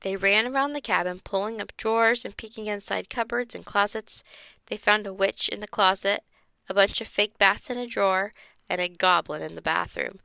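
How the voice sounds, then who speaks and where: A woman reads a children's chapter book aloud, giving each character a voice. Her tone is bright with a gravelly edge. The sound is dry and close. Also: medium pitch, normal speed, no room sound. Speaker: reader.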